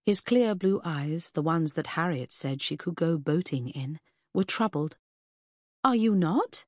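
Woman reading an audiobook, kinda low voice, expressive storytelling, super dry close mic. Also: measured pace, no echo. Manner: expressive, lively storytelling that shifts into character voices. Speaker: audiobook narrator. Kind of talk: scripted first-person audiobook narration.

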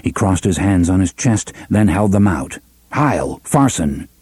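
Mellow male audiobook narrator. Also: deep voice, fairly even intonation, normal speed, slightly rough, no room sound.

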